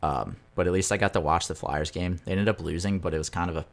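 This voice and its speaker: A young man with a very low voice tells a long story on a podcast. He rambles and swears freely, in a loose, casual chat. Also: fast, vocal fry. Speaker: podcast co-host.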